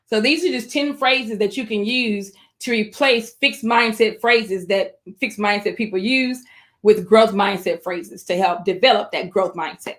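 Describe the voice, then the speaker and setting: This woman, pitched in the medium range, leads an educators' webinar online through her computer mic. Her manner is encouraging and direct, and she eases her pace whenever a key phrase needs emphasis.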